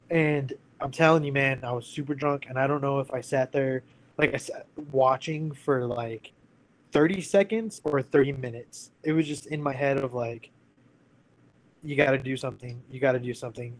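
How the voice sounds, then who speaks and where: A man's voice: medium pitch, rough recording. A man in his thirties, a podcast guest candidly telling a personal story in casual speech, full of "like" and "you know".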